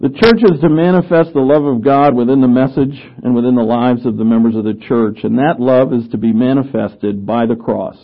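Preacher with a tinny phone-like sound. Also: male voice, mid-range voice, fairly even intonation, a little fast, hardly any pauses. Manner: conversational teaching, with asides and self-corrections. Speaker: pastor teaching a Bible study. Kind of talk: sermon.

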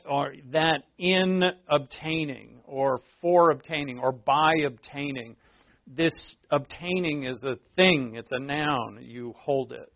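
A man's voice: medium pitch, dry recording. Preaching man, dull lo-fi sound. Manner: conversational preaching, rhetorical asides. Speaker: pastor. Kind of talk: sermon.

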